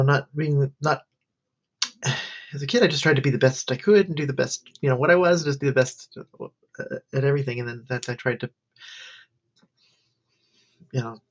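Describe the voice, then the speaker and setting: A woman's voice: extremely low pitch, steady tone, moderate pace, long pauses. A tired woman, a college student, rambling through her day in a casual livestream diary. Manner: rambling, wandering chat. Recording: dull lo-fi stream audio.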